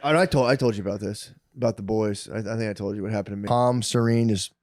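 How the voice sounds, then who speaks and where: A man's voice: fairly low pitch, fast, a little mellow, dry recording, studio quality. Rambling, swearing man telling a story. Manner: profane, rambling, laughs while telling stories. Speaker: podcast co-host. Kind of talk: casual storytelling chat.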